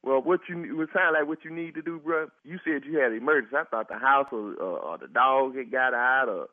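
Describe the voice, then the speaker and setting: A man's voice: medium pitch, a little fast, no echo. Exasperated man on a phone line. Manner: exasperated, breaks into laughter. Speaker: prank call target.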